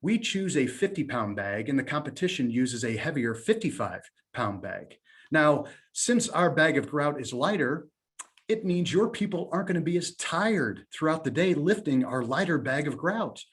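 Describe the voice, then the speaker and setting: A middle-aged man giving a sales presentation, telling a story with lively quoted dialogue. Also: on the high side, normal speed. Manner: animated storytelling, quotes others in his own voice. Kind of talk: conference talk with acted dialogue.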